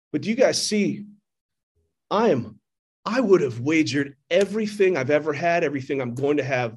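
A man's voice: fairly high pitch, breathy edge. A middle-aged man giving an earnest, candid recovery testimony from a church podium microphone, often restarting his sentences. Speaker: speaker sharing at a recovery meeting. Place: church meeting hall.

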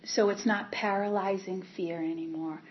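A woman giving a candid personal testimony about her recovery, talking in a halting way with many repeats and fillers. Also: medium pitch, steady tone, slight background noise. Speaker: speaker sharing her recovery story. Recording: dull lo-fi recording.

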